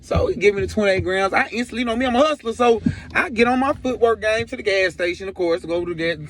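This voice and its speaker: A young man telling a story from his past in a slangy, animated way, acting out what other people said. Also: sits high, fast. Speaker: storyteller vlogger.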